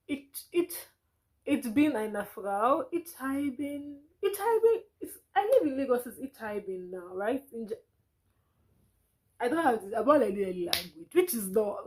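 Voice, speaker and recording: A woman's voice: mid-range voice, darkish tone, rough recording. A young woman from Nigeria with a Nigerian accent, chatting casually to camera as a vlogger, laughing often as she talks.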